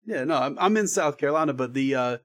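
A man's voice: fairly high pitch, animated, quick pace. A man who works as a freelance voice actor, talking as a guest in a casual podcast chat, rambling and laid-back and swearing now and then.

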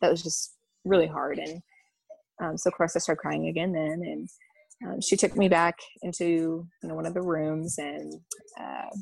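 Young woman, gravelly low voice, dry sound, halting candid storyteller. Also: level tone, a little mellow, no room sound. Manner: halting, full of ums and you-knows. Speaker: vlogger sharing a personal story.

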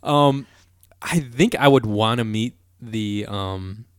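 A man's voice: fairly low pitch, slow pace, smooth, dry recording, clean studio sound. A young man co-hosting a podcast, joking in easygoing casual chat. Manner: easygoing, joking, drops filler words. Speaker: podcast co-host.

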